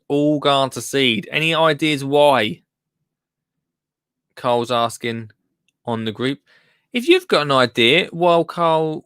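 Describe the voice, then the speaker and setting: Male host, gravelly voice, rambling live-show chat, reads listener comments, dry close mic. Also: fairly high pitch, a bit bright, no echo. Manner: rambling and chatty, breaks off mid-sentence. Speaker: gardening podcast host.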